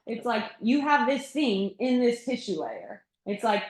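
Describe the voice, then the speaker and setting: A woman teaching yoga and Thai bodywork in a relaxed, reflective way, laughing often during a group discussion. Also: a little high, unhurried. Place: yoga studio room. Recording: echoey room.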